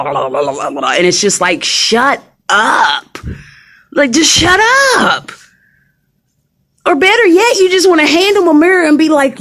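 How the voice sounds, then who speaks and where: A woman's voice: medium pitch, a bit bright. A woman ranting emphatically on a casual live stream from a hospital room, talking straight to her viewers and repeating herself. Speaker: livestreamer.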